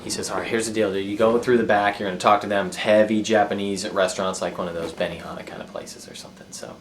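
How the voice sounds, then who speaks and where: A man's voice: on the low side, steady tone, fast talker, slight background noise. A man telling a rambling, profane story about himself, laughing at his own mishaps. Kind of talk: casual personal storytelling.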